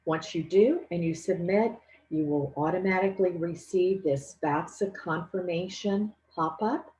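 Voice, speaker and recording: Woman, low voice, financial aid presenter, clear, step-by-step, instructional. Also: a little slow, darkish tone, poor audio. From Louisiana.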